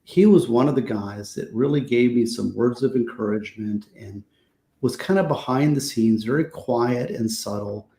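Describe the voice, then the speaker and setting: A man's voice: mid-range voice, normal speed, mellow. A man chatting earnestly from home over a video call, talking with many restarts. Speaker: guest on a video call chat. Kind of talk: casual chat. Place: home, Miami. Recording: roomy echo.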